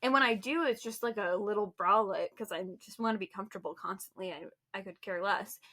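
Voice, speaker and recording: A woman's voice: mid-range voice, brisk. A woman co-hosting a podcast, telling stories in casual chat with lots of animation and frequent laughs. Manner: animated storytelling, laughs often. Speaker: podcast co-host.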